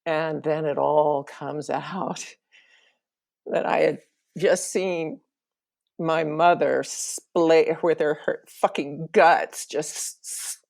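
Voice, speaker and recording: Her voice is low, creaky and somewhat dark, and she talks extremely slowly in a steady tone. The middle-aged woman is a podcast storyteller sharing a travel experience of her own, emotional and sometimes laughing as it comes back to her.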